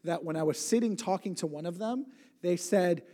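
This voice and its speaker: A man's voice: high-pitched, normal speed, mellow. A man in his late twenties giving a church talk, telling stories in a rambling, conversational way, often breaking off mid-sentence and adding humor. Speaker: church speaker. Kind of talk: sermon storytelling. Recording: long hall reverb.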